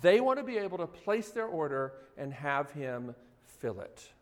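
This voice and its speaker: A man's voice: fairly high pitch, sing-song, measured pace. A man preaching a sermon as pastor, talking conversationally and putting many questions to his audience. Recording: hall reverb.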